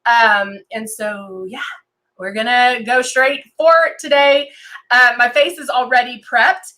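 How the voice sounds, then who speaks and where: Hosting a casual live-stream makeup tutorial from a desk camera and monitor setup, a woman chats with lots of ums and greets viewers by name while she works. Her voice is fairly high and sharp, unhurried, with fairly even intonation.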